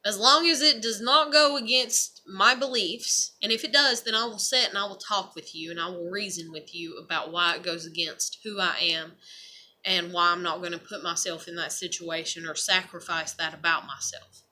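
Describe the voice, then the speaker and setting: A woman's voice: on the low side, fairly even intonation, normal speed, bright, forceful tone, a little hiss or hum. A middle-aged woman talking to camera in a loose, rambling personal monologue, earnest and self-reflective, full of fillers and swearing. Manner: rambling, heavy with fillers and profanity. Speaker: vlogger.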